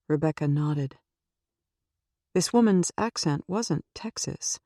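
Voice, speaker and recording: A woman reading a suspense audiobook in a steady, measured way into a close microphone. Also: on the low side, no room sound. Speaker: audiobook narrator. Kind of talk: scripted audiobook narration.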